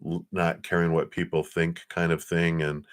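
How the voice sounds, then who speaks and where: Reading tarot cards on a live stream, a man with a deep, low voice speaks gently and reassuringly. He keeps a level tone at a moderate pace while meandering through his thoughts, with fillers and restarts.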